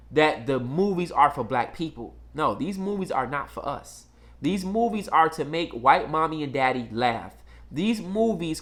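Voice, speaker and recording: Emphatic man with a high-ish voice. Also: a bit bright. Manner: emphatic, repetitive, blunt. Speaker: commentator. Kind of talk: casual monologue.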